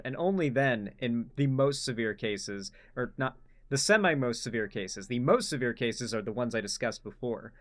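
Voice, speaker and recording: Blunt, swearing male commentary host. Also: medium pitch. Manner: blunt, swearing, rambling with restarts. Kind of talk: casual reaction commentary.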